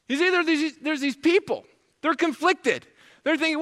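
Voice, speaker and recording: A man preaching a sermon, animated, acting out complaints in a whiny voice. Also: very high-pitched, normal speed, in a large hall. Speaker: pastor.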